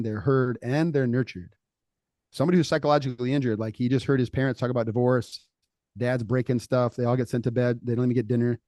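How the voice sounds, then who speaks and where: A middle-aged man on a faith podcast, talking casually and telling stories with lively acted-out quotes. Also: mid-range voice, no room sound. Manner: animated storytelling, acts out quoted voices. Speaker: podcast co-host.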